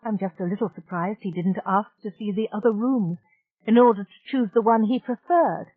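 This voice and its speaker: A woman's voice: mid-range voice, normal speed, voice pushed up, lightly acted. A woman reading an audiobook, voicing a blunt, exasperated young woman who speaks frankly. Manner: frank and irritable. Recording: dry, tinny narrow-band audiobook.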